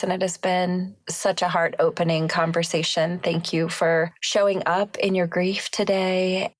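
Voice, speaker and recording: A woman co-hosting a podcast, speaking in a warm, affirming way in casual conversation. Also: lowish voice, gravelly, no room sound, studio quality. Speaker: podcast co-host.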